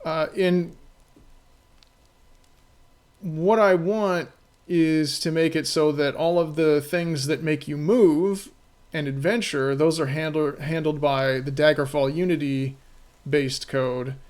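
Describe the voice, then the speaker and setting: Guy streaming live, kinda high voice, rambly, lots of "you know" and "right?". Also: fairly even intonation, takes it slowly, darkish tone. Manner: rambling, filler-heavy, keeps checking in with "right?". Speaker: game streamer and developer. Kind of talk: casual live-stream chat.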